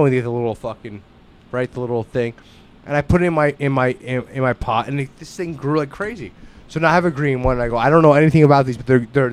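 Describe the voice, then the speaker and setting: A man telling a story in casual chat, swearing, restarting his sentences and getting louder as he goes. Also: mid-range voice. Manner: loud, profane storytelling with frequent restarts.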